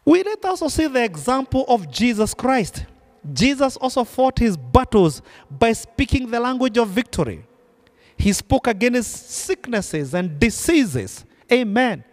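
A man's voice: very high-pitched, sing-song, unhurried. A man preaching a sermon and leading a prayer with fervent, repeated decrees.

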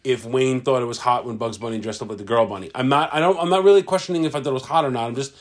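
Middle-aged new guy rattling off stories fast, swears a lot, chatty podcast host. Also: medium pitch. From Staten Island, New York. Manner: profane, rambling storyteller. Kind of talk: casual chat. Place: home podcast setup, drinking.

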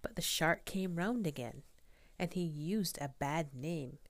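A woman reading a children's picture book aloud, soft and often whispered, asking the listener questions. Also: low voice, slow pace, no room sound. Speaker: storybook reader.

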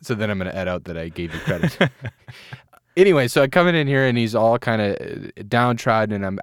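A man's voice: lowish voice, clear, resonant tone, dry recording, studio quality. A man co-hosting a casual beer-tasting podcast, joking, rambling and laughing often. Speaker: podcast co-host. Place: indoor recording studio.

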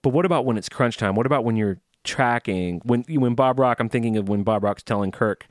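A male podcast host with a middle-pitched voice, enthusiastic and inquisitive. He keeps things joking and casual. The recording is dry and close. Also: brisk, dry recording.

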